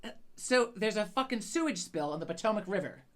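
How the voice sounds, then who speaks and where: A woman's voice: mid-range voice, lively intonation, fairly quick. A woman co-hosting a podcast in casual chat, rambling and swearing often, stammering on her words. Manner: profane, rambling, frequent stammers. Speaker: podcast co-host.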